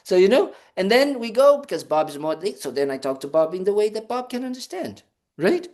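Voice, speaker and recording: A Buddhist monk gives a casual, playful dharma talk in a high, sing-song voice that is brisk and a little mellow. He keeps it conversational, full of "you know" fillers and restarts, and acts out little scenes with "da, da, da."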